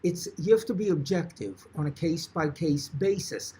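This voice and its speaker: A man's voice: a little high, animated, normal speed, warm tone. A man teaching songwriting in a presentation, explaining patiently and breaking into short sung examples and wry jokes. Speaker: songwriting instructor. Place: video presentation recorded for an online event.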